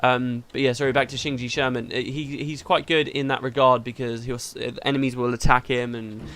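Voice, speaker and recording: A man's voice: mid-range voice, level tone, fairly quick, fairly bright tone, a little hiss or hum. A man hosting a let's play, chatting casually through the game and laughing easily.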